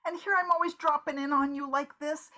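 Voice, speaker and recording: A woman's voice: high-pitched, fairly even intonation, fairly quick, sharp tone. A woman in a live improv scene, playing a talkative, fussing friend who is spooked by silence, repeating words as she frets. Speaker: improv performer.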